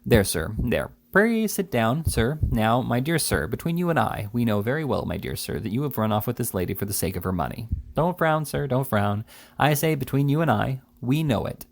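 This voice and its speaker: A man's voice: mid-range voice, very animated, moderate pace, creaky. A man voicing a bustling little male attorney who coaxes and haggles, forever saying "my dear sir.". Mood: wheedling. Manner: coaxing, repeats "my dear sir".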